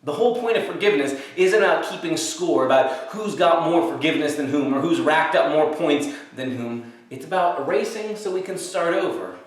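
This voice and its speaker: A male pastor with a high voice leads a children's Sunday school lesson as a playful story, acting out each part himself. He sounds far from the microphone. The room is heavily echoey. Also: fairly quick, hardly any pauses.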